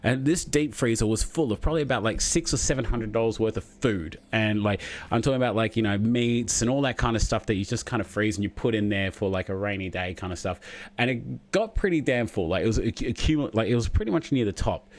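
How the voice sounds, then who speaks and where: A man's voice: on the low side, fast talker. A man in his thirties with an Australian accent, rambling and chatting casually as a live-stream host from a spare room at home. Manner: rambling, chatty, laughs often. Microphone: desk microphone.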